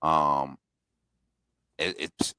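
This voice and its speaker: Deep-voiced laid-back man chatting football. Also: little pitch movement, drawn-out words, sharp tone, smooth, no room sound. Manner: laid-back, slangy, laughs often. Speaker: podcast co-host. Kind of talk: casual sports chat.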